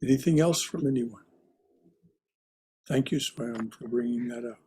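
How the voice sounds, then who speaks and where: A man guiding a discussion class, taking his time over each phrase. His voice has a soft, husky edge. He speaks slowly and thoughtfully, with frequent pauses. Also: mid-range voice, big pitch swings. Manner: slow, thoughtful, hesitant. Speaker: class teacher.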